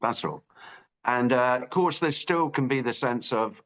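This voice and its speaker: A man hosting a spiritual discussion on a video call, talking gently and conversationally with fillers. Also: medium pitch, measured pace. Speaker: host of a spiritual meeting.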